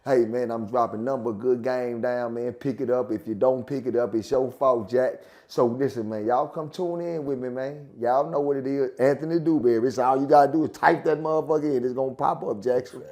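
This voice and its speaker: A man telling profane, animated prison stories in casual chat, repeating phrases for effect. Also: mid-range voice, a little fast, hardly any pauses. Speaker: guest storyteller.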